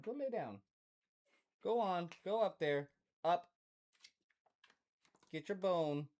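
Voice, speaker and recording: A man's voice: high-pitched, animated, slow pace, pauses often, a little mellow. A man hosting a podcast in a casual, rambling monologue, swearing freely and talking to his dog. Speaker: podcast host.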